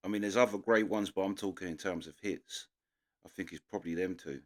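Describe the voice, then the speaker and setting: A young man with a London accent talks through a reaction video in a casual, rambling way. His voice sits low and deep. He stops and restarts his sentences often and fills the gaps with fillers. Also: steady tone, brisk. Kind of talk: casual commentary.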